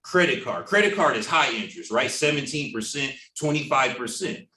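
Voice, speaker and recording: Animated man teaching an echoey Bible class. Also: medium pitch, brisk. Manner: animated, acts out other people's lines in put-on voices. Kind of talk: informal Bible study discussion. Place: church classroom. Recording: echoey room, mic at a distance.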